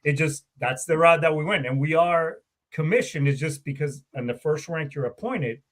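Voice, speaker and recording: A man's voice: fairly high pitch, moderate pace, fairly bright tone. A middle-aged man, a veteran guest, telling stories in a casual, rambling way, swearing often and correcting himself mid-sentence. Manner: profane, rambling, self-correcting. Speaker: guest, Marine Corps veteran warrant officer. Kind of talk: casual storytelling interview.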